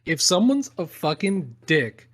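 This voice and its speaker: A young man with a fairly high voice co-hosts a casual comedy chat. He rants in exaggerated, profane bursts and plays at outrage. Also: big pitch swings, a little slow, a bit bright. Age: young adult. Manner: profane, ranting, mock-outraged. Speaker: podcast co-host.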